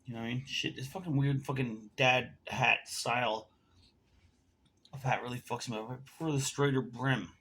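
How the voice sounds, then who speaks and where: A man's voice: medium pitch, steady tone, normal speed, fairly bright tone, slightly rough. A man ranting to camera in a casual vlog, telling a heated, profane story while smoking and drinking. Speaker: vlogger.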